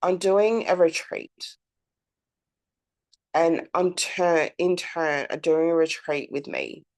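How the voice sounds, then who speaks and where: Slow, chatty woman host. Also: on the low side, darkish tone. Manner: chatty, candid, swears freely, lots of fillers. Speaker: podcast host. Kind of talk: casual reflective monologue.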